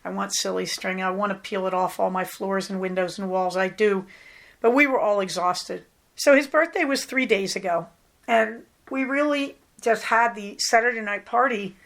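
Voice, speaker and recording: A woman's voice: mid-range voice, moderate pace, gravelly, a bit bright. A middle-aged woman from Southern California hosting a podcast in a chatty, rambling, affectionate way. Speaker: podcast host. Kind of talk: casual chat.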